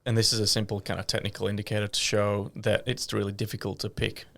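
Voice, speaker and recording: A man co-hosting an investing podcast, explaining in a measured way between brief agreeing murmurs. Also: fairly low pitch, completely flat delivery, gravelly, a bit bright. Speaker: podcast co-host. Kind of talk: casual investing chat.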